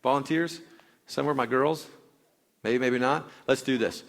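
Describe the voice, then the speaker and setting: A man speaking live to a crowd from a stage, explaining an exercise and coaching volunteers through it with shouted cues. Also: medium pitch, normal speed. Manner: energetic, coaxing, shouts workout cues. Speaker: wellness speaker leading a workout demo.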